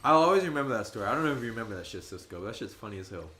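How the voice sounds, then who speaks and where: A man in his twenties chatting casually on a gaming livestream, telling stories and jumping high and loud when he quotes his friends. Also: big pitch swings, rapid-fire. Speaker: streamer. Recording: roomy echo.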